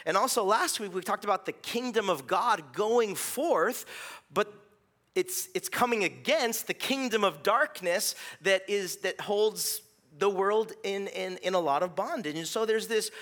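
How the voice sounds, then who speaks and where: A man's voice: sits high, expressive, a little slow, fairly bright tone. A man preaching a sermon as pastor, talking casually, with frequent restarts and "right?" asides to the congregation.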